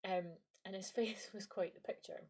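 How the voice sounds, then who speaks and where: A woman's voice: mid-range voice, fairly even intonation, moderate pace, darkish tone. A Scottish woman in her late twenties or thirties, hosting a podcast with a reflective, playful, self-deprecating monologue. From Scottish Highlands. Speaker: podcast host and lecturer.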